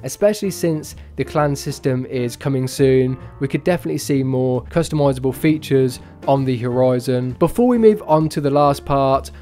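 A young man talking casually about game news as a gaming YouTuber, with a relaxed, chatty manner and a lot of "bro". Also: on the high side.

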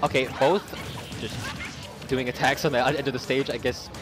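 A young Canadian man doing excited, stammering play-by-play commentary at a loud tournament, shouting over a cheering crowd. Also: mid-range voice, normal speed. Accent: Canadian English. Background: crowd cheering and music.

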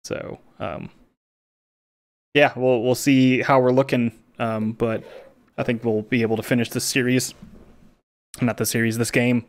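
A man in the middle of his range hosts a gaming stream, winding down in an unhurried, meandering way. The sound is dry and close, with no room around him. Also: medium pitch, no echo. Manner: relaxed, rambling, with frequent fillers and laughs. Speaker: streamer host. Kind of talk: casual stream sign-off chat.

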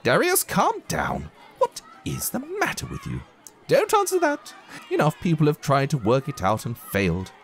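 A man's voice: a little high, wildly swooping pitch, normal speed, gravelly, slight background noise, pitched above the performer's own voice, full character voice. A man voicing a fussy, wittering female PE teacher in a storybook reading. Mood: scolding. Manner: wittering, bossy. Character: high-pitched fussy woman PE teacher.

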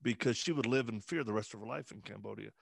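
A man telling his story as an interview guest, earnest and halting, with many fillers and restarts. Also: on the low side, creaky, a little hiss or hum. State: emotional, voice breaking at times. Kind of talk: conversational interview.

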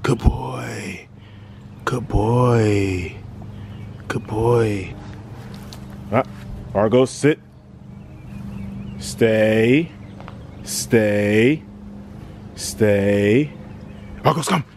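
A man's voice: lowish voice, extremely slow, gravelly, long pauses, darkish tone, a little hiss or hum. A young man vlogging with his puppy, coaxing and praising it in a playful, sing-song way. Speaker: vlogger and dog owner. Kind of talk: casual vlog, talking to his puppy.

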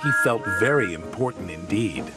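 A man narrating a children's storybook in a lively storytelling manner. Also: on the low side, normal speed, loud music behind the voice. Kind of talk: storybook reading.

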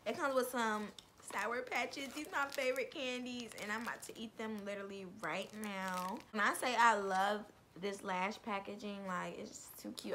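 A woman's voice: medium pitch, sharp tone. Young woman gushing thru an unboxing vlog, bubbly, slangy, says like a lot, faint hiss. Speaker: vlogger.

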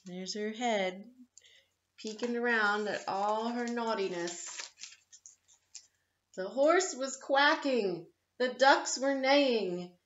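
A woman reading a picture book aloud to children at story time, in a gentle, playful storyteller's manner. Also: a little high, takes it slowly. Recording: echoey, slightly dull room.

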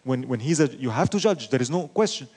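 A man's voice: mid-range voice, brisk, husky. A man teaching an Islamic lecture, telling stories with rhetorical questions and Arabic phrases mixed in. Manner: animated storytelling with rhetorical questions. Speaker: religious teacher.

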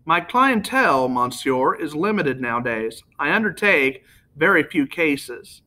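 A man's voice: on the high side, big pitch swings, unhurried, pushed and bright, full character voice. A man voicing a polite, formal foreign detective who calls others monsieur. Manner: formal, addresses people as monsieur.

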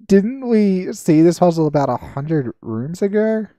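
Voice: mid-range voice, big pitch swings, warm tone, faint music behind. Mettaton, a gamer voicing a theatrical robot showman. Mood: mock-tragic. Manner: melodramatic, drawn-out theatrical delivery. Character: flamboyant male robot TV star, theatrical and gloating. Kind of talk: reading game dialogue aloud in voices.

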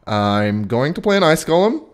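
Chatty young man with a lively voice. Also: fairly high pitch, normal speed. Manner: chatty, rambling, switches between game calls and anecdote. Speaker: gaming video creator. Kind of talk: casual gameplay commentary and storytelling.

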